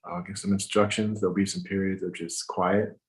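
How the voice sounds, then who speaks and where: Man with a low voice, meditation guide, slow gentle pacing, recorded at home. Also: level tone, poor audio. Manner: slow, gentle instructions with pauses. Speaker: meditation teacher. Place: home with windows open.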